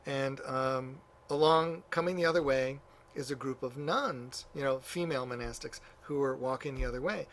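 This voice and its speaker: A man lecturing a class in a relaxed, conversational way, his voice sitting at an ordinary middle pitch. He spins out a story with lots of fillers and quick asides. A faint hiss of background noise sits under the recording. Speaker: church history teacher. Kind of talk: classroom lecture, retelling stories.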